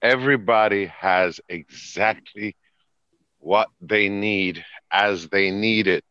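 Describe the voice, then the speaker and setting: A man reading spiritual cards who rambles in a chanting stream of wordplay, with sudden laughs and jumps in pitch. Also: slow, pushed and bright, highs cut off. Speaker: spiritual reader. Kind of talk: freewheeling mystical rambling.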